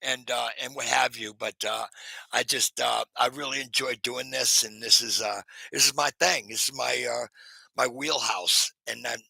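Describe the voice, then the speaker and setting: A man chatting on a live stream in a heavily gravelly, sharply bright voice with a husky edge. He rambles through fillers and restarts, greets viewers by name and often laughs at himself. The sound is very dry. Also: mid-range voice, steady tone, normal speed, no echo, poor audio. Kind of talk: casual live-stream chat.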